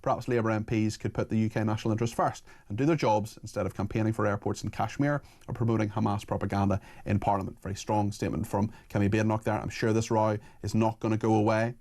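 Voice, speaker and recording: A man hosting a talk radio phone-in, chatting with callers and reading out listener messages in a brisk, chatty way. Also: fairly low pitch, flat delivery, darkish tone.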